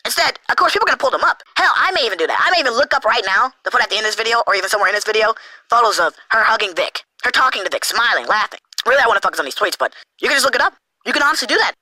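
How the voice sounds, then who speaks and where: Fast-ranting man with a high, bright voice. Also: big pitch swings, no room sound, low-quality recording. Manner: heated, profane, sarcastic. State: angry. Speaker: online commentator. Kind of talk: angry rant.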